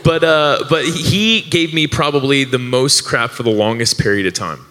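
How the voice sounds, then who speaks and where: In a large hall, a male podcast co-host spins a story at a moderate pace before a live event audience, his mid-range voice bright and forceful. He rambles, using fillers and restarts, and laughs frequently.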